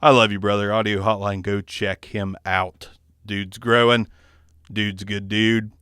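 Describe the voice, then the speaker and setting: Southern guy toning down his accent, rambly mic review, smooth voice, dry close sound. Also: fairly low pitch, little pitch movement, a little slow, bright, forceful tone, dry recording. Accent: tones down a Southern US accent. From American South. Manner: rambling, joking, self-deprecating. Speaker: microphone reviewer. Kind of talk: casual mic test review. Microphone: ribbon microphone, close and moved around.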